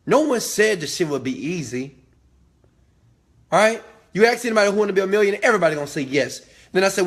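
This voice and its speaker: A man with a slightly high voice gives a motivational talk. He is emphatic and preachy, hammers his points through repetition, and swears freely. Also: lively intonation, a little fast, a bit bright. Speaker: host.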